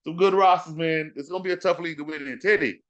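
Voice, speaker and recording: A man hosting a fantasy football podcast in casual talk, animated and trash-talking, repeating words for emphasis. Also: a little high, fast, muffled recording.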